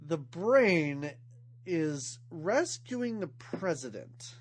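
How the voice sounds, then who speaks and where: A podcast co-host chatting casually about a movie, joking and animated. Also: mid-range voice, slightly rough. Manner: joking, animated, quick to laugh.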